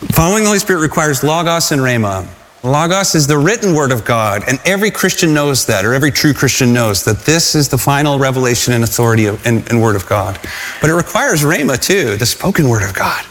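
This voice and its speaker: A man preaching a sermon, telling stories with animated energy and asking the congregation rhetorical questions. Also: mid-range voice, fast, long reverb tail. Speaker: pastor.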